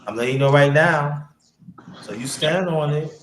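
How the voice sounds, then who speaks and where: A man's voice: on the high side, moderate pace, a bit bright. A man hosting a casual livestream chat, rambling with many fillers and restarts. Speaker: livestream host. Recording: echoey room with background noise.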